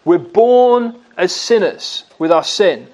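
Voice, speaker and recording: A man's voice: expressive, takes it slowly, a little mellow, highs cut off. A man preaching a sermon in an earnest way, with dramatic rises and drops in his voice. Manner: earnest, with dramatic swings in pitch and volume.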